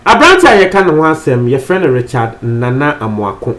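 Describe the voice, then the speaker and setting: A man's voice: medium pitch, sing-song, a little fast, a bit bright. A Ghanaian man presenting entertainment news in a chatty, casual way, switching between languages and repeating phrases for emphasis.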